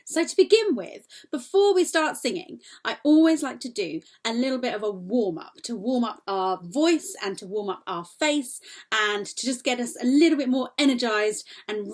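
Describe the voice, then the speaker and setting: A young woman who teaches singing leads a cheerful, encouraging warm-up lesson, demonstrating vocal exercises. Her voice is a little high.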